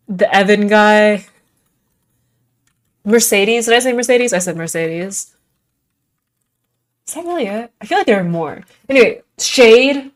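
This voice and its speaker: A young adult woman streaming a game and chatting casually, rambling with lots of "like" in a Valley Girl-ish way. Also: mid-range voice. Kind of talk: casual gaming stream chat.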